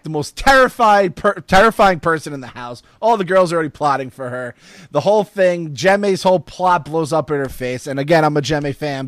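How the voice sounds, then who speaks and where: A man hosts a casual podcast chat in a slightly raised voice. He talks loosely, swears freely and tosses in quick joking asides. The sound is dry and close. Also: on the high side, dry recording. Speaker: podcast host.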